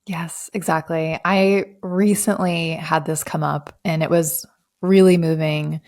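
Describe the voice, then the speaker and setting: A woman's voice: sits low, fairly even intonation, slow pace, a little mellow. A woman guest on a podcast, a business coach, chatting casually and telling a personal story with plenty of fillers. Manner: reflective storytelling with frequent fillers.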